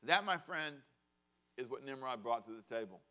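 A man's voice: medium pitch, animated, moderate pace, sharp tone. A middle-aged man preaching a sermon as pastor, conversational and humorous, asking the congregation to repeat phrases and acting out the voices of parents and children. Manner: acts out quoted voices of kids and parents.

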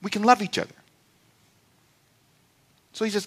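Man, middle-aged pastor, high voice, bright tone, playful conversational sermon. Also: fairly even intonation, normal speed, long pauses, husky. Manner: conversational, playful preaching with call-and-response.

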